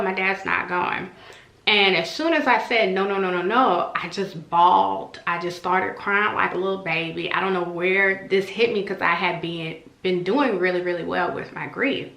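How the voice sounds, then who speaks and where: A woman's voice: mid-range voice, bright, forceful tone. Chatty woman in an echoey room. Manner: chatty and emotional, acting out quoted voices. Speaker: vlogger. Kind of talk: casual personal vlog.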